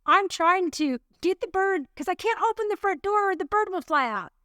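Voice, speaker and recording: A woman's voice: very high voice, moderate pace, no room sound, clean studio sound. A woman co-hosting a podcast, telling a chatty story and acting out the voices of the people in it. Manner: animated storyteller, acts out voices. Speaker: podcast co-host. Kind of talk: casual chat, storytelling.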